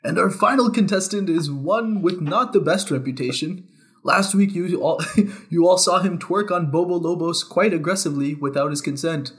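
A man plays a cheesy talent show host introducing contestants in an announcer manner. The voice sits a little higher than most men's, and the reading stays quick and plain. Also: close to an everyday voice. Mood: announcing.

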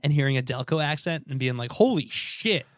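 A man in relaxed podcast banter at a middle pitch, laughing easily and letting sentences trail off. His voice sits close and dry, with no room around it. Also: fast, smooth, no echo. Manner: laid-back, laughs often, trails off mid-sentence. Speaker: podcast co-host. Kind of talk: casual chat.

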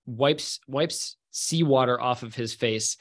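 Man, game master, loose narration, lots of fillers, mid pitch. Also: slow pace.

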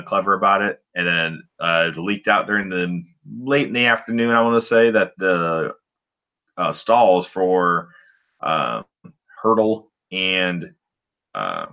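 A man's voice: sits low, unhurried, lo-fi sound. A man on a casual sports podcast, recapping a game in a rambling way with lots of fillers. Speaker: podcast co-host.

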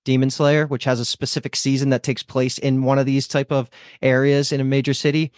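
A man's voice: medium pitch, flat delivery, brisk, a little mellow, no room sound, studio quality. A man hosting a casual podcast discussion, chatty and rambling, swearing now and then. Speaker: podcast host.

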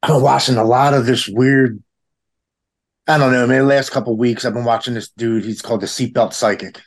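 Speaking briskly at medium pitch, his tone holds steady. The guest, a man in his forties in recovery, shares a heartfelt story conversationally and raises his voice to act out those he quotes.

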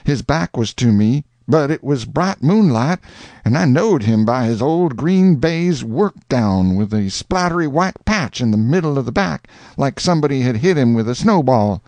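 A grieving witness gives his account in a measured, folksy way, his voice gravelly and a touch lower, as a male audiobook narrator reads him. The sound is dry and close to the mic. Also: animated, darkish tone, dry recording, close to an everyday voice. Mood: solemn. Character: grieving man testifying in court. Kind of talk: audiobook reading.

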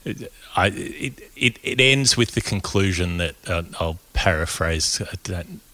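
A man hosting a podcast in casual chat, measured, wry and thoughtful. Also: sits low, lively intonation, pushed and bright. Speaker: podcast host.

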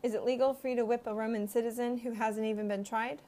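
A woman's voice: fairly high pitch, steady tone, fast talker, mellow, a little hiss or hum, lightly acted. A woman voicing a bold, outspoken male apostle defending himself, earnest and defiant.

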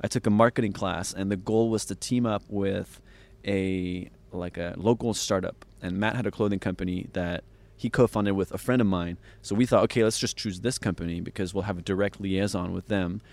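A young man from France, a podcast guest telling stories in a loose, lively way and acting out what people said. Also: low voice, fairly quick, creaky, few pauses. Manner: animated storyteller, acts out quoted voices. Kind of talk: casual storytelling.

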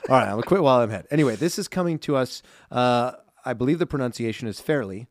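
A man's voice: mid-range voice, lively intonation, fast talker, dry recording. A man in his thirties co-hosting a casual podcast in a small studio, talking in an earnest, reflective way with lots of fillers. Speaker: podcast co-host. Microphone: studio mic.

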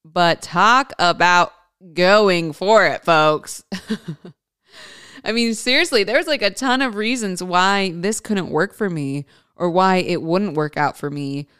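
A woman's voice: on the low side, slow pace, fairly bright tone, clean tone, dry recording, studio quality. A woman actress chatting to her viewers in a casual storytelling vlog, talking freely and laughing often. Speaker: actress and vlogger.

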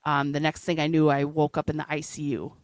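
A woman speaking as an interview guest, telling a personal story in a halting, earnest way with frequent restarts. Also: low voice, completely flat delivery, no echo.

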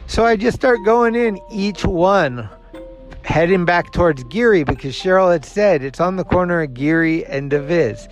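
A fairly high-voiced man hosts his own show and tells a rambling personal story in a casual monologue. He acts out everyone else's lines, swears freely and laughs at himself. Faint music plays behind him. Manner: animated, acts out the other people's lines. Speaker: show host.

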